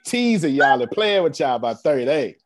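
A man hosting a team meeting over a video call, his pitch rising and falling freely as he talks. He speaks in a loose, slangy way, teasing his listeners and repeating phrases for emphasis. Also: fairly quick. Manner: animated, slangy, teasing and repetitive. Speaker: host leading an online team meeting. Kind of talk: casual motivational team call.

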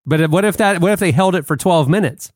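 A man's voice: high-pitched, brisk, darkish tone, no room sound. A man co-hosting a casual podcast chat with dry, wry humor. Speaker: podcast co-host.

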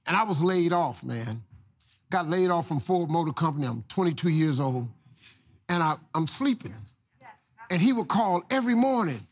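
A man's voice: fairly high pitch, expressive, moderate pace, husky. A middle-aged man telling a folksy, preachy motivational story. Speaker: guest storyteller.

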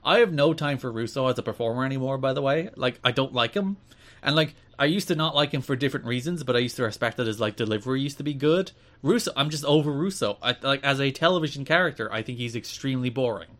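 A man co-hosts a casual podcast at an everyday middle pitch. He recaps events with a wry, opinionated edge and says plainly what he dislikes. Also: fast, fairly bright tone. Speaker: podcast co-host. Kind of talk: casual chat.

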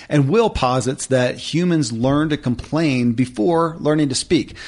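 A man hosting an interview show, asking long, searching questions and reading the show's links. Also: medium pitch. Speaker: podcast host.

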